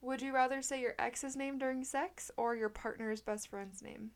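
A young woman with a slightly high voice co-hosts a podcast. She chats in a loose, playful way and giggles often. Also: fairly even intonation, moderate pace. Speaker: podcast co-host. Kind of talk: casual chat.

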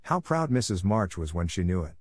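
A man narrating a classic novel as a scripted audiobook in a steady, measured reading. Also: sits low, slightly rough, no echo, studio quality.

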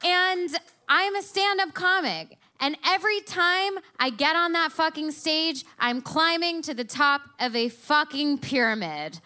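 A young woman telling a story on stage to a live audience, animated and swearing freely as she acts out what was said. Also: sits high, unhurried.

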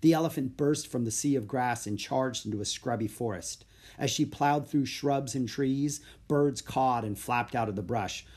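A man narrating a children's audiobook in a steady, plain storytelling voice. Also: mid-range voice, moderate pace, husky.

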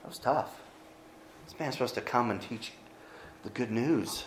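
A man giving a conversational sermon as pastor, animated, with joking asides and frequent restarts, speaking from a church pulpit. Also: medium pitch, unhurried, reverberant, slight background noise.

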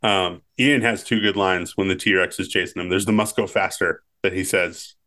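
Male co-host, slightly low voice, easygoing and conversational, lots of "like" and "um". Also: moderate pace. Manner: relaxed, says "like" and "um" often. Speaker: podcast co-host. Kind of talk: casual movie chat.

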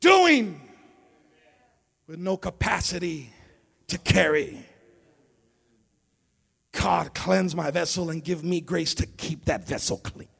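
A male pastor with an unusually high, gravelly voice preaches a sermon in a church sanctuary. He works the congregation with call-and-response, dropping low and then building to shouted peaks. His tone is bright and sharp. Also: lively intonation, takes it slowly, pauses often.

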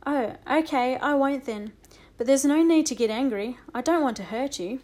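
A woman's voice: high-pitched, darkish tone. Woman doing an eager, pleading young boy. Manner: quick, pleading and breathless.

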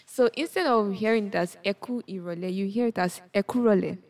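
A woman's voice: mid-range voice, brisk. A woman explaining a language lesson on a podcast, often checking in with the listener as she goes. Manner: explanatory, checks in with "yes?" and "okay?". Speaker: Yoruba language teacher.

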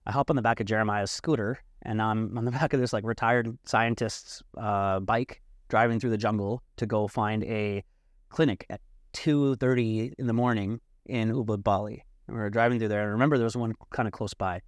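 A young man telling a story in a casual, animated way, swearing and acting out the people he quotes. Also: on the low side, brisk, no echo, studio quality. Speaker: podcast guest.

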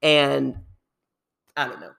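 A young man hosts a podcast in a loose, casual chat. He rambles in an animated way and laughs often, with a voice at an ordinary middle pitch. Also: slow, creaky. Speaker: podcast host.

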